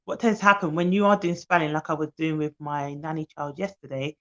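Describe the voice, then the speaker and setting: A woman who works as a nanny gives chatty, fast-talking advice on a live stream while tired. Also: low voice, steady tone, a bit bright, lo-fi sound.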